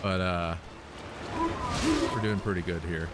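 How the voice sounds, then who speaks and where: A man casually commenting on his gameplay run, relaxed and rambling with lots of fillers. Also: sits low, measured pace. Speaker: gamer explaining his run. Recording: voice over loud game music.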